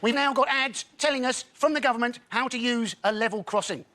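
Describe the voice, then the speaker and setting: A man's voice: very high-pitched, brisk. A male comedian on a panel show doing an exasperated observational rant. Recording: studio with loud audience noise.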